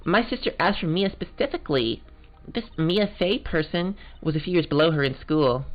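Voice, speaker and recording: A man's voice: a little high, lively intonation, normal speed, voice pushed up, close to an everyday voice. A man voicing an eager sixteen-year-old girl scientist in a Valley Girl voice. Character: eager teen girl, aspiring scientific investigator. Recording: muffled, game music behind.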